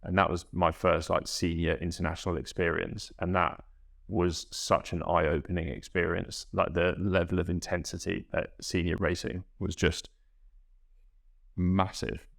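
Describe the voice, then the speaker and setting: A young man, a guest rower, reflecting in a halting, self-correcting way in a casual podcast interview. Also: deep voice, flat delivery, gravelly.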